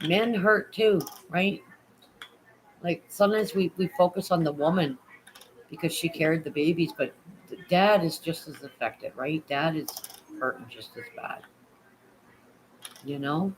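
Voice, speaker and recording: A woman's voice: low-pitched, a little slow, long pauses, slight background noise, rough recording. A middle-aged woman hosting a casual livestream, chatting and reading viewers' comments aloud in a reassuring way, often repeating herself and adding "right?" or "isn't it?". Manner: chatty, reassuring, repeats phrases and adds tag questions. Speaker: livestream host.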